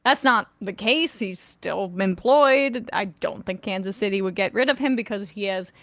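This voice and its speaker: A woman's voice: mid-range voice, a bit bright, no echo. A woman hosting a sports podcast, chatting casually and reading listener messages, her voice a little worn. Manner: conversational, quick when reading aloud. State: slightly losing her voice. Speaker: podcast host.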